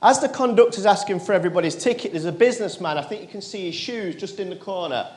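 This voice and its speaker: Man, fairly high voice, keynote storytelling on a conference stage, lively then hushed. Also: fast talker. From England. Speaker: motivational speaker. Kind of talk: keynote storytelling to a live audience.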